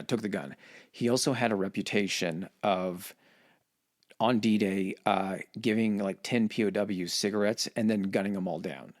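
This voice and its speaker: Casual low-voiced man retelling history. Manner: swears, acts out quotes in voices. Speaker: podcast host.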